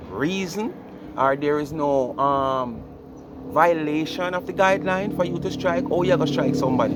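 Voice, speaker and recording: A Jamaican man with a somewhat high voice explains his point at length in casual commentary, lecturing and throwing in rhetorical questions. Faint street traffic hums behind him.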